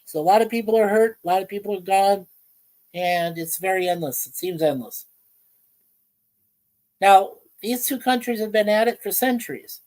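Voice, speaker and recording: A woman hosts a casual livestream from home. She rambles in halting phrases full of fillers and greets chat viewers by name. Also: medium pitch, a little mellow, low-quality recording. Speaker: livestream host. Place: home in Ontario, Canada.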